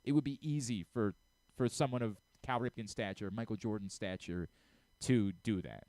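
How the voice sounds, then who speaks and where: A man's voice: lowish voice, moderate pace, darkish tone, no room sound. A middle-aged man hosting a sports talk radio show, speaking earnestly and emotionally, often stumbling and restarting his sentences. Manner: earnest, openly emotional, frequent stammered restarts.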